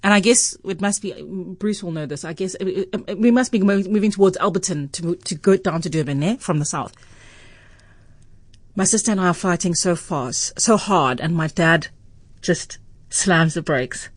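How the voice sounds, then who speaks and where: A South African woman radio host telling a story in an animated way, acting out the voices in it and laughing often. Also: fairly low pitch, moderate pace, dry recording.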